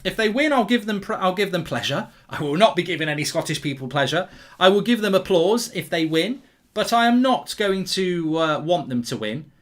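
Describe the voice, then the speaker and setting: A man from England hosting a live football watchalong, rambling excitedly and reading viewer messages aloud. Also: high-pitched, a little fast. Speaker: host.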